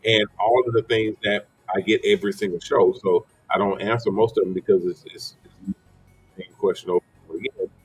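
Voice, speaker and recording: A man's voice: fairly low pitch, fairly even intonation, a little fast, breathy edge, faint music behind, rough recording. A man hosting a livestream in a casual, rambling way, often repeating himself and greeting viewers by name. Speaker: livestream host.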